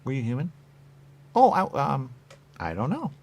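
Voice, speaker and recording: A man hosting a radio show, talking in a rambling, repetitive monologue with muttered asides and sudden loud bursts. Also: medium pitch, wildly swooping pitch, moderate pace, slightly rough. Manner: repetitive, playful, muttering asides, wide swings in loudness. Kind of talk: rambling stream-of-consciousness monologue.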